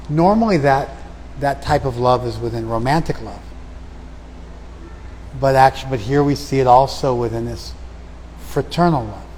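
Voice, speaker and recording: A man giving a spiritual lecture. He recites verses slowly and then explains them in plain, conversational talk. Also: medium pitch, big-room sound, a little hiss or hum, rough recording. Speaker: lecturer on scripture. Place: outdoor festival.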